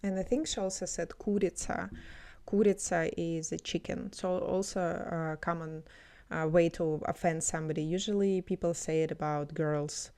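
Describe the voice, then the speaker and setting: A woman explains words and phrases in a relaxed, teacherly way, filling her pauses with ums. Her voice sits low for a woman. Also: vocal fry. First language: Russian. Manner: explanatory, many fillers. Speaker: language teacher. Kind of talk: explaining language clips.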